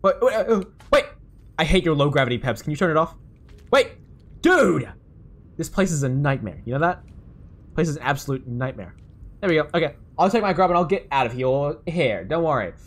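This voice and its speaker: A young English man giving excitable let's-play commentary, laughing and yelling at the game. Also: fairly high pitch, fairly quick. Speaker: gamer.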